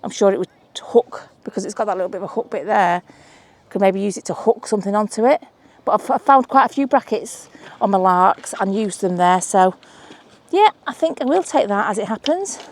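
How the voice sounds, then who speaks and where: A woman's voice: mid-range voice, lively intonation, a little fast, a little mellow. Woman mudlarking outdoors on a beach, chatty, lots of oohs over little finds. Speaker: mudlarking vlogger. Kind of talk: casual chat while searching a beach.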